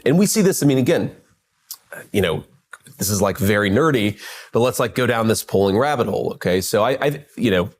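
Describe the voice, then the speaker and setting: A man with a somewhat low voice answers in an interview. He explains confidently and drops casual, chatty asides. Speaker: interview guest. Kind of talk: political interview.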